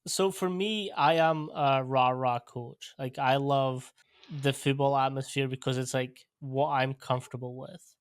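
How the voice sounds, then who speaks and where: A young Scottish man chatting casually as a podcast host, laid-back and quick to laugh. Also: medium pitch, fairly even intonation, clear, resonant tone, no echo, clean studio sound. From Scotland. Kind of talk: casual interview chat.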